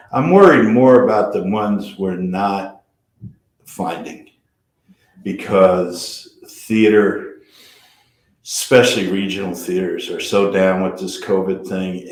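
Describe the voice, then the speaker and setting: Older man telling stories in an echoey room. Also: deep voice. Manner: anecdotal, trails off and restarts. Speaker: guest actor. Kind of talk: casual storytelling chat.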